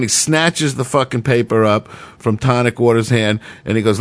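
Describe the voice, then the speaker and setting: A man's voice: mid-range voice, normal speed, hardly any pauses, no echo. A middle-aged man telling a long personal story in a rambling, profane way, full of fillers. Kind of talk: casual monologue.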